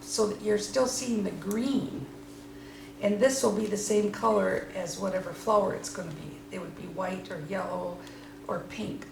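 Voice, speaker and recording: The echoey room carries faint noise as a watercolor instructor paints and talks. Her gravelly, medium-pitched voice comes across as enthusiastic and chatty throughout the demonstration.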